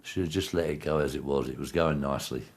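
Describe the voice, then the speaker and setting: A man's voice: a bass voice, quick pace, slight background noise. A man recalling his darts career in a blunt, plain-spoken interview. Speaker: interviewee, former darts player. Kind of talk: casual reminiscing interview.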